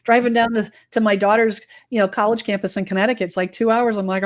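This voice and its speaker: A Massachusetts woman in her forties hosts a real estate podcast, keeping the chat casual while repeating phrases emphatically. Her voice is fairly high and steady, and she talks fairly quickly.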